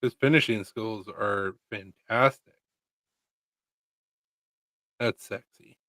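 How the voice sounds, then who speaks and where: A man talking casually as a streamer, muttering relaxed asides while browsing. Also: on the low side, slow pace, dry recording. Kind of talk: casual chat.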